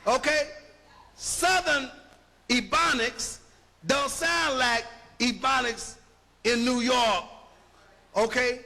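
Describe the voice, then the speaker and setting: A linguistics lecturer delivers an emphatic, rhetorical talk, punching his points and checking that listeners keep up. His voice is extremely high, slow, pushed and bright, with vocal fry and long pauses. Long hall reverb surrounds the recording.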